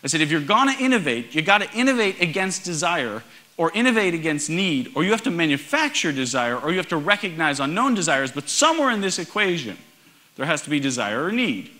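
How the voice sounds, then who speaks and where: A middle-aged man giving a conference talk on stage, telling stories with wry humor and animated emphasis. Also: on the high side, fairly quick. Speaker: conference speaker. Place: large concert hall stage.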